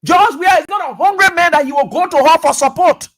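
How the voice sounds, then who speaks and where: Emphatic radio host, high voice. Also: a little fast, fairly bright tone. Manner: emphatic, repeats phrases, rhetorical questions. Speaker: radio talk show host. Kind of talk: political commentary.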